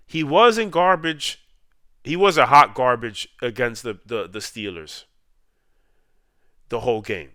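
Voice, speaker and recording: Male sports vlogger, heated fan rant, smooth clear voice, dry close mic. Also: medium pitch, animated, bright, forceful tone, no room sound. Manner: heated, repetitive, drawn-out emphasis. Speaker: sports YouTuber ranting.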